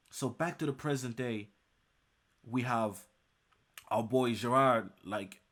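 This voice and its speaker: A man's voice: fairly low pitch, fairly even intonation, unhurried, long pauses, a bit bright. A man reviewing a webtoon chapter in an enthusiastic recap, emphatic and repeating phrases for emphasis.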